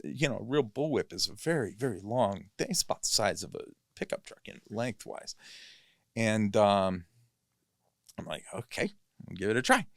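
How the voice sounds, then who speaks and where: A man's voice: mid-range voice, dry recording. A male actor, a guest in a podcast studio, telling a long story in a casual, rambling way, often correcting himself and filling gaps with "you know".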